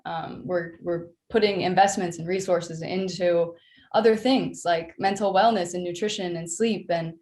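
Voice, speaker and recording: A woman guest, a basketball coach, speaking earnestly in a casual interview, with light laughs and "um" pauses. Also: lowish voice, steady tone, a little mellow. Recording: roomy echo.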